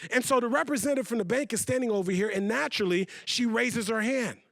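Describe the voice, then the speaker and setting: A man giving a storytelling keynote talk to a conference audience, building dramatically to loud emphasis. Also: extremely high pitch, quick pace, gravelly, no room sound. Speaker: motivational speaker. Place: conference hall with live audience.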